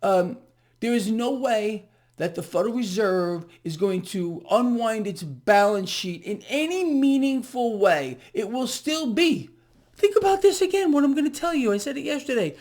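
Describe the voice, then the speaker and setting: A man's voice: very high voice, animated, moderate pace, darkish tone. A man giving a casual market commentary to viewers, ranting in a sarcastic, profane way and laughing in exasperation.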